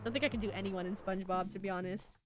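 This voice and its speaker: A woman's voice: mid-range voice, fairly even intonation, racing. A young woman chatting casually with her viewers while playing a game on a livestream, giggly and talkative. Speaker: streamer. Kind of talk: casual gaming livestream chat. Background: game music.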